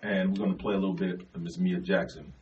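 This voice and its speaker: A man's voice: low voice, fairly even intonation, fast talker, dull audio, crowd noise. A man hosting a radio talk show, chatting casually with a guest, teasing her and laughing easily. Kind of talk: casual radio interview chat. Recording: distant mic with faint hiss.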